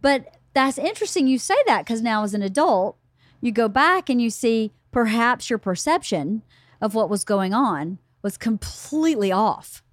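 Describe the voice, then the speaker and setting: A chatty middle-aged woman hosts a relaxed book club podcast, her voice sitting a little higher than most. She spins family stories and acts out the dialogue. The sound is close and dry, with no room around it. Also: normal speed, dry recording. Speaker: podcast host. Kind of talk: casual book club chat.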